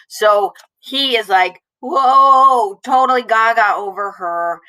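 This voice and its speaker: A woman's voice: on the high side, takes it slowly, few pauses, bright, forceful tone, low-quality recording. A woman teacher explaining a play in a casual, chatty way with many fillers. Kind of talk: explaining a play in a recorded lesson.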